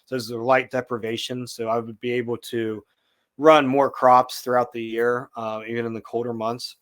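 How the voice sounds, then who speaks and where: A man's voice: mid-range voice, normal speed. Man telling a tense story on a podcast. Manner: animated storyteller, acts out quotes. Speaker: podcast guest. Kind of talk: casual storytelling.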